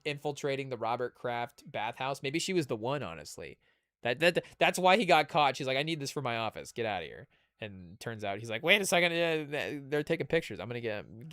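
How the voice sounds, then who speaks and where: A man's voice: a little high, smooth, dry recording, studio quality. A man hosting a podcast in casual chat, rambling and leaning heavily on "you know" fillers. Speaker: podcast host.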